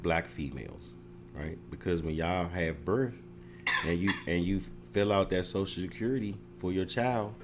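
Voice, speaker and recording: A man talks casually to the camera, animated and joking, acting out confrontations with mock questions. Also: sits low, moderate pace, background noise. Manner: animated, joking, mock-confrontational role-play with frequent laughs. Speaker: speaker giving advice to viewers.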